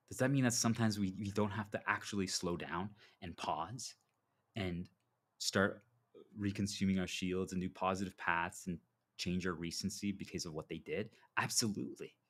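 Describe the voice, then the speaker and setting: A man's voice: deep voice, husky. A man delivering a preachy motivational monologue as a self-styled spiritual guide, telling stories and acting out dialogue. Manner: preachy, animated storytelling with acted dialogue.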